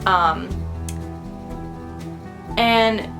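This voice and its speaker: A woman's voice: mid-range voice, drawn-out words, creaky, music in the background. A woman vlogger chatting casually, rambling with lots of "um" and "like," gushing with enthusiasm. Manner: rambling, heavy on fillers like "um" and "like". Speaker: doll-collecting vlogger. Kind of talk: casual chat.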